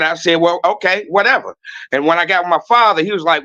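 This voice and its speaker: Loud blunt guy on a muffled call, high bright voice, preachy. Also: quick pace. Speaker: caller. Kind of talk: casual talk-show call.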